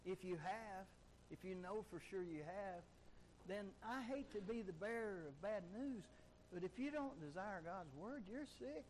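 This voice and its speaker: A man's voice: high voice, expressive, measured pace, a little hiss or hum, poor audio. A man preaching a sermon emphatically, driving his points home with repeated rhetorical questions. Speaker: pastor.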